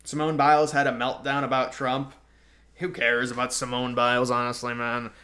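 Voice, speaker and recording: A man's voice: medium pitch, monotone, moderate pace, sharp tone. A young man hosting a livestream, reading chat and replying in a loose, slangy way. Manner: casual, slangy, reacting to chat and trailing off. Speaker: livestream host. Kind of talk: casual political livestream chat.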